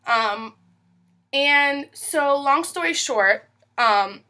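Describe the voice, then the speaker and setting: A woman's voice: high-pitched, animated, extremely slow, bright, forceful tone. A woman in her twenties casually telling a long personal story in a vlog, rambling with many fillers and acted-out quotes. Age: 20s. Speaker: vlogger.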